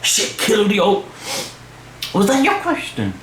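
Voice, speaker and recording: A man's voice: high voice, huge pitch swings, a little slow. A young man, rambling casually in slang as he answers fan questions for his channel. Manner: slangy, rambling, full of "fam" and "you know what I mean". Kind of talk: casual chat. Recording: echoey room with faint hum.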